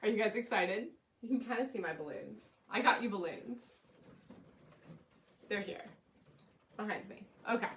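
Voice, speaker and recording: A woman's voice: mid-range voice, animated, normal speed, long pauses, fairly bright tone, slight background noise. A woman teaching a quilting class, chatting casually on a live stream and cheerfully greeting viewers by name in a sing-song way. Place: home room with balloons behind her.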